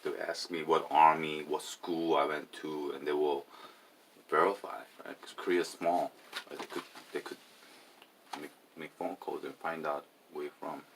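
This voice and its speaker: A tipsy man with an extremely deep, low voice talks in a halting, rambling way. He repeats words and drifts from loud bursts to half-mumbled asides. A faint hiss of noise sits under him. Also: level tone. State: tipsy after drinking. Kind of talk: rambling casual monologue.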